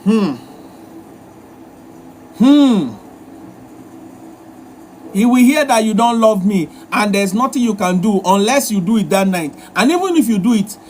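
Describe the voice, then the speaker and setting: A man's voice: high-pitched, a little hiss or hum. A man hosting a live relationship advice session, talking in a repetitive, emphatic, lecturing way. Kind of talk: live-stream advice talk.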